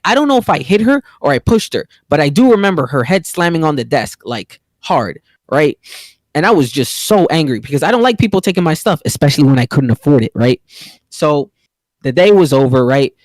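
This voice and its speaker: Animated young man telling a story. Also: on the high side, dry recording. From the Bronx, New York. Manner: animated, slangy, acts out quoted voices loudly. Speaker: podcast co-host telling a story. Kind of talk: casual storytelling chat.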